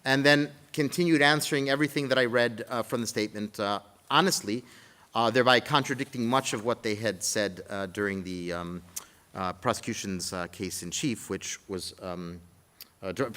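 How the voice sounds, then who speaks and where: A man on a legal panel, telling courtroom anecdotes in a measured way with frequent fillers. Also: medium pitch, bright, forceful tone. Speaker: defense counsel panelist.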